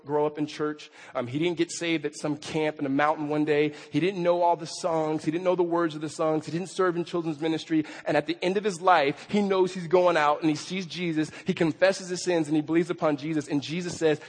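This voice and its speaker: A man with a high, slightly husky voice delivers a sermon from the pulpit. He is emphatic and stumbles over repeated words as he presses his point. His voice rings out with long reverb through a large sanctuary. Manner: emphatic, stammering restarts, acts out quotes. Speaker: pastor. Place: church sanctuary. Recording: long reverb in a big hall.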